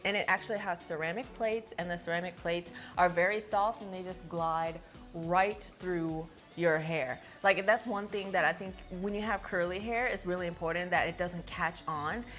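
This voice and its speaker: A young woman hosting a casual livestream product demo in a studio, talking chattily and playfully through a clip-on mic. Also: medium pitch. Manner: chatty, filler-heavy, playful. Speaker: livestream host.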